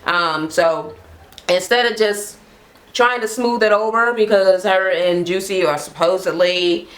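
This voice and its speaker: A woman's voice: mid-range voice, measured pace, a bit bright. A woman casually recapping a reality show for her channel, blunt and profane, laughing often. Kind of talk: casual gossipy recap chat. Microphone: camera mic, talking to camera at home.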